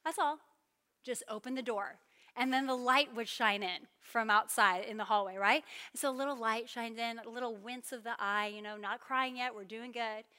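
Preacher, female, 30s, high bright voice, lively storytelling sermon in a reverberant hall. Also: normal speed. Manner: animated storytelling with playful asides.

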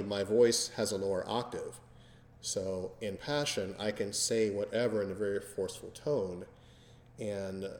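Low-voiced man in an echoey room. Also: a little mellow, slight background noise. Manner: slow, deliberate, many fillers. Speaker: podcast host. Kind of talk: casual chat. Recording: echoey room with long reverb.

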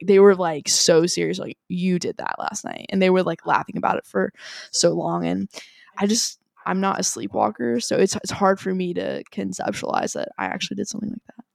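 Young adult woman, podcast co-host, animated storyteller with lively range and gravelly fry, dry recording. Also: no room sound. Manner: animated storyteller, quick pitch jumps. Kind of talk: casual chat.

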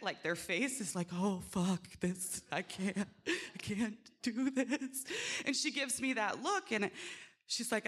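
A woman working as a doula, telling a lively true story with swearing, acting out the people she quotes. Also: mid-range voice. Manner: animated, swearing, acts out quotes. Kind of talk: live storytelling.

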